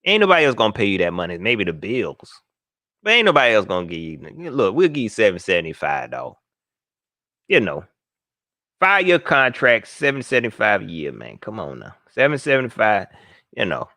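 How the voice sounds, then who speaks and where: A male host on a live sports call-in show, talking loosely in slang and joking through listener comments. His voice is bright and lively, with big swings in pitch. The sound is close and dry, with no room around it. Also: a little fast, dry recording. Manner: animated, slangy, jokey, reads viewer comments aloud.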